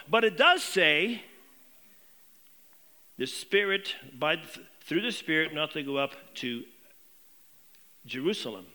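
A man preaching a sermon to his congregation, posing questions and dropping low and quiet on key points. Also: lively intonation, slow, long pauses. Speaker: pastor.

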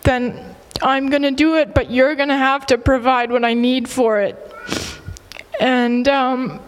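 Woman choking up sharing her testimony, slow and halting, big echoey hall. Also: sits high, steady tone, smooth. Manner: halting, tearful, with many pauses and fillers. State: emotional, near tears. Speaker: church member sharing a testimony. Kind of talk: emotional personal testimony.

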